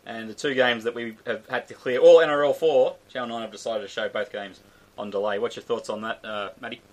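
A man's voice: mid-range voice, steady tone, fairly quick. An Australian man hosting a casual sports chat show, chatty and joking. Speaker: host.

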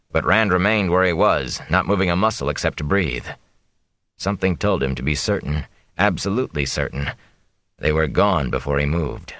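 A man reading a fantasy novel aloud in a measured, suspenseful way. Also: low voice, a bit bright, dry recording. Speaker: audiobook narrator. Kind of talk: scripted fantasy narration.

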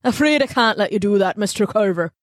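A stout, bearded country constable who talks in an easygoing folksy way and teases a kid, as a woman reads him aloud. The read is dry and close. The pitch sits in her middle range. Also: animated, fairly quick, dry recording, lightly acted. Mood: calm. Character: stout bearded village constable, jovial and teasing.

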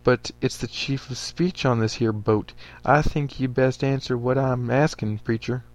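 A man's voice: medium pitch, fairly even intonation, unhurried, close to an everyday voice. A man voicing a contemptuous male starship captain who slips into a folksy frontier drawl. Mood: threatening drawl.

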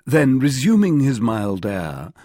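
Man, audiobook narrator, expressive reading, lively pitch, husky voice. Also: takes it slowly, dry recording, studio quality. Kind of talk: scripted narration of a classic novel.

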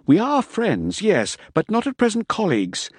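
A man's voice: sits high, wildly swooping pitch, normal speed, husky, no echo, voice pushed up, heavily acted. A slippery, beguiling army captain with a raised, lilting voice, as a male narrator puts him on. He stays polite and helpful-sounding while giving nothing away, in a dry, close audiobook read. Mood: coolly defiant. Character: sly, smooth-talking male African army captain. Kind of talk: audiobook character voice.

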